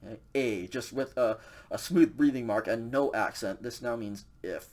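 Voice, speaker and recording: A man's voice: medium pitch, moderate pace, a little mellow. Casual filler-heavy male language teacher. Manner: casual, filler-heavy explaining with frequent "okay". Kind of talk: recorded slide lecture.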